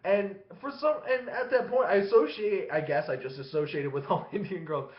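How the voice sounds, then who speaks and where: Barely pausing, this high-pitched man speaks at normal speed while telling his webcam a long, profane story, rambling and laughing between phrases. It's a casual vlog captured in an echoey room with dull, lo-fi sound.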